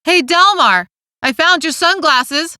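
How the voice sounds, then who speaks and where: A woman voicing a goofy, carefree teenage boy who gets excited easily. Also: a little high, unhurried, clean tone, dry recording, studio quality.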